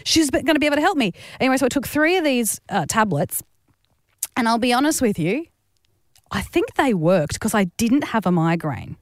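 A woman in her thirties, a radio breakfast co-host, telling a story in casual, animated chat. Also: fairly high pitch, fairly quick, dry recording, studio quality. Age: 30s.

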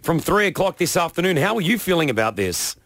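Man, breakfast radio host, energetic, high voice, dry close sound. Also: fast, dry recording. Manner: energetic, laughing, hypes everyone up. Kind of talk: upbeat radio hosting.

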